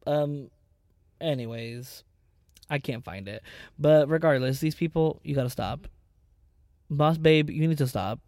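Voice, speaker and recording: A man in his twenties hosting a podcast, chatting casually in an animated, dramatic way with plenty of swearing. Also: a little high, measured pace, long pauses, no echo, studio quality. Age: 20s. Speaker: podcast host. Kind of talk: casual chat.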